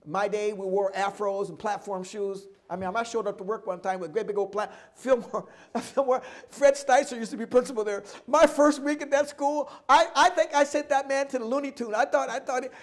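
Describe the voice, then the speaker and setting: A middle-aged man telling stories at a live oral history event, animated, acting out voices and rhythms as he goes. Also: very high-pitched, brisk, few pauses. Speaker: guest speaker.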